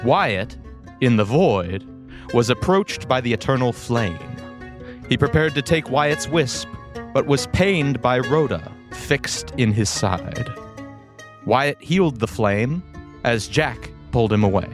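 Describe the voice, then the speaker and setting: A man narrating as game master of a tabletop game in a calm, measured storytelling manner. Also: medium pitch, faint music behind.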